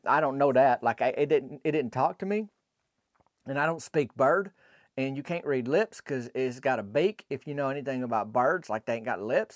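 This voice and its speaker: A man's voice: mid-range voice, no echo, studio quality. A man telling a folksy comic story in a rambling, colloquial way, full of asides. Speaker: podcast storyteller.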